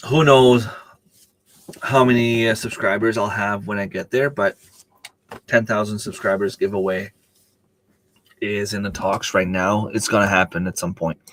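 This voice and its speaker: A man's voice: fairly low pitch, fairly even intonation, normal speed, pauses often, a bit bright. A man hosting a casual livestream, rambling along and answering viewers' chat comments with plenty of ums and uhs. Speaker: livestream host.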